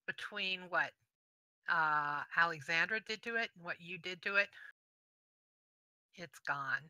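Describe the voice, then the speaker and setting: A woman narrating as game master of a tabletop game. She speaks slowly and deliberately, with a bright, forward tone. The sound is dry and close. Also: fairly low pitch, smooth, dry recording.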